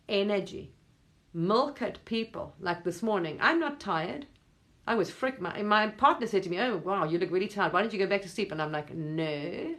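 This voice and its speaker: A woman's voice: fairly low pitch, fairly bright tone. A woman, talking to her viewers in a rambling, emphatic monologue, swearing casually now and then. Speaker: spiritual vlogger.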